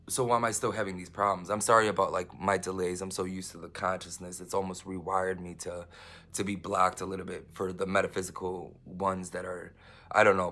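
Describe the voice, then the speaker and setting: A man giving a rambling personal monologue, halting with many restarts and fillers, swinging between emphatic outbursts and hushed asides. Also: low voice, creaky.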